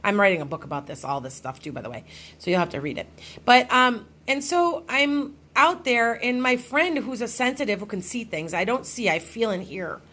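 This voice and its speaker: A woman's voice: on the high side, lively intonation, normal speed, pushed and bright. Middle-aged lady rambling thru a ghost story, chatty, restarts a lot. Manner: rambling, many restarts and fillers. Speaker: psychic medium vlogger. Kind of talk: casual storytelling to camera.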